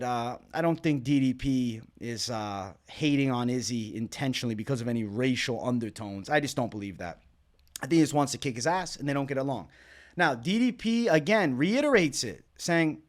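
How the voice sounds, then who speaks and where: A young man hosting an MMA reaction video, talking casually and profanely, sometimes bursting into excited shouts. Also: on the high side.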